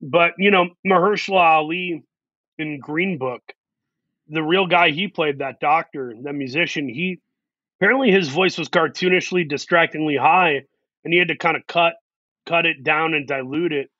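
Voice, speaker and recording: A man's voice: on the high side, normal speed, pushed and bright, no room sound, highs cut off. A man talking in a casual interview, earnest and reflective, working through his ideas in long, run-on thoughts. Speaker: actor, guest.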